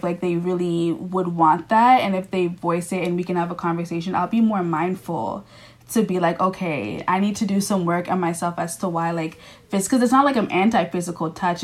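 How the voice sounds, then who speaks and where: A young woman co-hosting a podcast, chatting candidly in a reflective, hesitant way with many fillers. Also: fairly low pitch. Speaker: podcast co-host. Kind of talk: candid casual chat.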